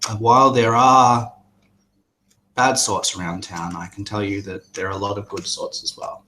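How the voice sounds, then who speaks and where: A man's voice: lowish voice, fairly even intonation, moderate pace, pushed and bright, slight background noise, poor audio. A man voicing a friendly red-haired female tavern keeper who speaks in a kindly, consoling way.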